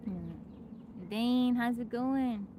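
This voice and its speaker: A woman's voice: on the high side, very slow. Woman host, casual outdoor phone livestream, chatty, laughs often, faint background noise. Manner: chatty, greets viewers by name, laughs often. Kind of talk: casual live chat. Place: outdoors in nature.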